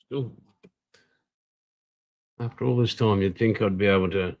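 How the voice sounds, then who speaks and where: A man's voice: fairly low pitch, fairly even intonation, unhurried, a little mellow, low-quality recording. An older Australian man, tired, hosting a live stream and rambling casually while greeting viewers. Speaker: livestream host.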